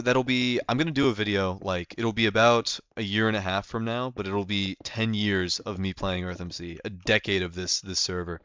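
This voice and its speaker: A man's voice: sits low, a bit bright, clear, resonant tone, dry recording, lo-fi sound. A young man live-streaming a game, chatting casually and rambling with lots of fillers.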